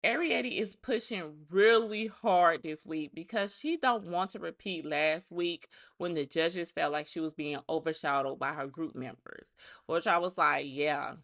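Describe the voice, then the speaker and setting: A woman's voice: on the low side, a little slow, gravelly, a bit bright. A woman giving a casual recap of a reality show, talking in a blunt, chatty way, full of profane asides.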